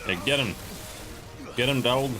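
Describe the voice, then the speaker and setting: A man streaming a video game, making loud, joking asides with stammering restarts. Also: mid-range voice, measured pace, soft background music. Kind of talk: casual gameplay commentary.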